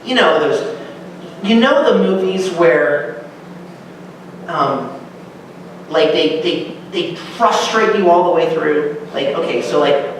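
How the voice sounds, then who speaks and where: A man's voice: takes it slowly, pauses often. A man teaching a Bible class in sermon style, acting out quotes with big swings in his voice. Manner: animated, acts out quotes with big pitch swings. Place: church hall. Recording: echoey room, voice from far off, faint hum.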